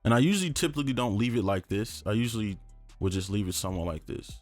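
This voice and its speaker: A man's voice: fairly low pitch, quick pace, loud music behind the voice. A young man casually teaching beat production in a tutorial, talking loosely with fillers as he works. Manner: relaxed, conversational, lots of fillers like "um" and "right?". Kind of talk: casual screen-recorded tutorial.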